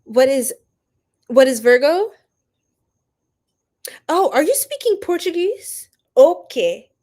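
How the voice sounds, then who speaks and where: A bubbly woman chats with her viewers on a live stream, greeting them by name and laughing often. Her voice sits a little high, and she drawls slowly with plenty of fillers. Her tone stays loose and friendly. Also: big pitch swings, darkish tone. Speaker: tarot reader and live stream host. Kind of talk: casual live stream chat.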